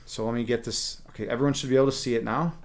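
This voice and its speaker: Guy streaming and rambling to chat, gravelly voice, lots of ums and restarts. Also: medium pitch, fairly even intonation. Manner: rambling, halting, many restarts and fillers; friendly, talks to chat by name. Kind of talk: casual live-stream chat.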